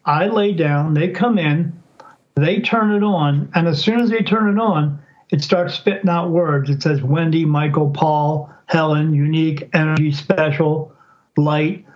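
Speaking at a measured pace in a slightly high voice, a psychic podcast guest tells a story in a casual interview. He animatedly acts out quoted speech in changing voices, and the audio has its highs cut off.

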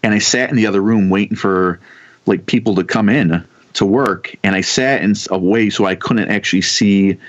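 A man in his thirties telling a ghost story in casual chat, rambling and halting with many restarts and casual swearing. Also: lowish voice. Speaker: podcast guest telling ghost stories. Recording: dull lo-fi sound.

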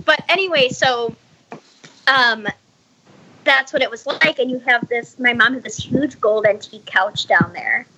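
A woman's voice: fairly high pitch, measured pace, pushed and bright, poor audio. A woman telling a story in casual chat over a video call, rambling and full of likes and restarts. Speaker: podcast guest telling a story.

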